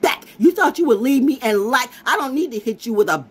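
A woman's voice: a little high, lively intonation, a little fast, slightly rough. A woman vlogger talking in a brash, profane, rambling monologue that keeps circling back and repeating its phrases. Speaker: vlogger and self-styled oracle.

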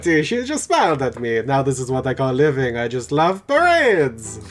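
Brief: cocky young student with a hammy mock Italian accent, put on by a man, high, bright, lively lilt. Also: normal speed, soft background music. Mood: boastful. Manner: boastful, showy.

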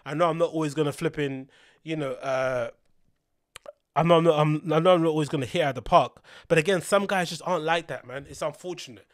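Podcast host, young guy, a bit high, rambling and animated, swears, dry close sound. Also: quick pace, no echo. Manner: rambling, animated when telling stories, swears freely. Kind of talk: casual monologue.

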